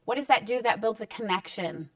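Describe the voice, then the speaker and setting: A brisk woman with a voice on the high side plays a parenting counselor, giving discipline tips straight to camera in a conversational, reassuring way and acting out short parent-child exchanges. She sits back from the mic, so she sounds slightly distant, and the room adds almost no echo.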